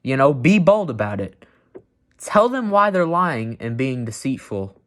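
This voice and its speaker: A man's voice: medium pitch, very animated, a little slow, a bit bright. A man reading Bible verses aloud and commenting on them bluntly and emphatically, with many "you know" fillers.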